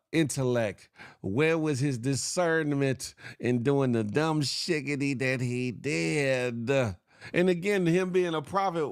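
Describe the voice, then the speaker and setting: A man's voice: on the high side, gravelly, smooth, no room sound, studio quality. Joking man hosting a commentary show. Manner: joking and laughing, riffing on the news; reads out and shouts out viewers by name. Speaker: host.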